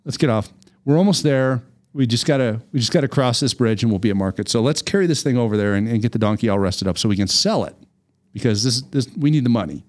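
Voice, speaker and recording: A man's voice: medium pitch, quick pace, darkish tone, lightly acted. Weary, resigned old man in a fable, as a male host puts him on. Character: weary old man walking his donkey.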